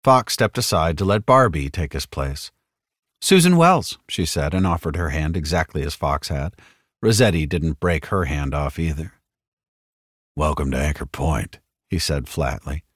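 A man's voice: very deep voice, lively intonation, normal speed, fairly bright tone, no room sound. A man narrating an audiobook in a dry, sardonic delivery. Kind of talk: scripted narration.

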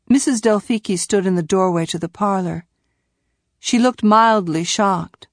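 A woman narrating a novel in scripted, measured storytelling from a quiet booth. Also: mid-range voice, no echo, studio quality. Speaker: audiobook narrator.

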